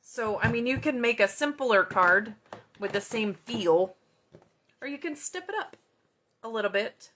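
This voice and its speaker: A woman's voice: on the high side, expressive, a little slow, pauses often, fairly bright tone, slight background noise. A woman chatting casually through a card-stamping tutorial at her home craft desk, rambling into self-deprecating asides. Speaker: card-making demonstrator.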